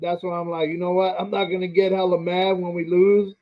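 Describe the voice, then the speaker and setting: A man's voice: sits high, level tone, a little fast. A man co-hosting a casual sports talk show, laid-back and cursing, saying bro often. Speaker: podcast co-host. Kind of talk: profane casual sports chat. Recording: dull lo-fi audio.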